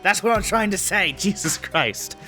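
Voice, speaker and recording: Lively, self-mocking game narrator. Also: male voice, high voice, moderate pace, faint music behind. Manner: casual, self-deprecating, swears freely. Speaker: let's play host. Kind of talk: reading a visual novel aloud with commentary.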